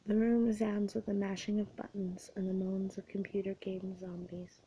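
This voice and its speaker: A woman reading a comic story in first person, with wry, breathy asides. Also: mid-range voice, flat delivery, normal speed, dark tone, low-quality recording. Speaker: audiobook reader.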